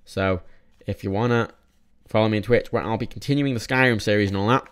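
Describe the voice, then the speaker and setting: A man's voice: on the low side, quick pace, smooth. A young man casually reviewing films in a vlog, rambling with many restarts and frequent swearing. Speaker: film reviewer.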